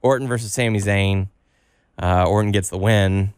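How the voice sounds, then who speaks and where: A man's voice: lowish voice, fairly even intonation, moderate pace, clear, resonant tone, no room sound, studio quality. A young man co-hosting a casual wrestling podcast, recapping results in a wry, offhand way. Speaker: podcast co-host.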